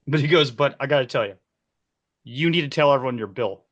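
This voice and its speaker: A man's voice: mid-range voice, a little fast, muffled recording. Man in his forties telling set stories. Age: 40s. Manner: animated, laughs often, acts out quoted voices. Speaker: key grip, interview guest. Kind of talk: casual storytelling.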